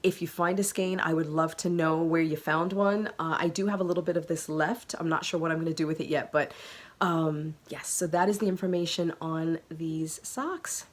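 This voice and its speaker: Chatty woman knitting podcaster, low voice. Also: fairly even intonation, moderate pace. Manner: chatty, gushing, many fillers. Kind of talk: casual chat to camera.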